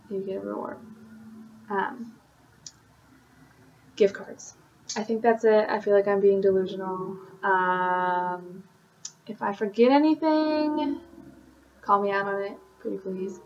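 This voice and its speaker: A woman in a casual video update to her sales team, chatty and encouraging, her talk full of fillers. Her voice sits mid-range. The audio is a little dull and lo-fi, with a faint hiss behind it. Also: mid-range voice. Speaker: independent sales consultant.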